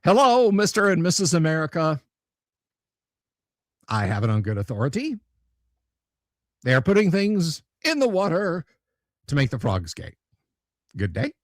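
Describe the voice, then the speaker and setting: A man doing a jokey impression of a blustering middle-aged male conspiracy radio ranter, booming and theatrical in fast bursts. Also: huge pitch swings, dry recording, studio quality.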